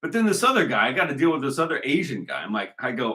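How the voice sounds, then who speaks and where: Animated, forceful man ranting. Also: mid-range voice, quick pace. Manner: emphatic, repetitive, argumentative. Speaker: commentator. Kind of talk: rambling monologue.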